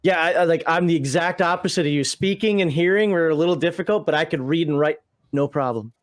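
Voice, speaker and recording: A man chatting casually on a panel, quick and a little stammering. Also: fairly high pitch.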